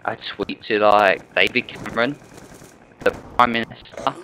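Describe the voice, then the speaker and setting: A young man talks over his gameplay in a rambling, chatty way, firing off one rhetorical question after another. His voice sits fairly low but comes across bright and forceful. Faint gunfire from the game runs underneath. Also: a little slow, slight background noise, poor audio. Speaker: gaming channel host. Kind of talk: gameplay commentary.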